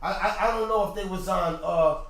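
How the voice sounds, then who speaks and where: A high-pitched man hosts a podcast, speaking casually and often repeating himself, then rising to shouts. He sounds far from the mic in a strongly echoing room. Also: a little fast. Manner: animated, repetitive, rising to shouts when worked up. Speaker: podcast host. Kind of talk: casual opinion talk to viewers.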